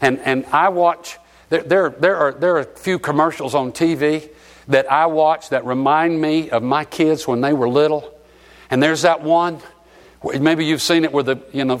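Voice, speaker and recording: A middle-aged man from Alabama preaching a sermon, sentimental and emotional as he tells stories. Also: fairly high pitch. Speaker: pastor.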